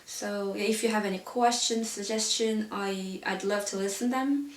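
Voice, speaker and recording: With a mid-range, fairly even voice at a moderate pace, the woman teacher explains pronunciation patiently in her online lesson, often saying "so yeah." She sounds far from the mic, and the room adds noticeable echo.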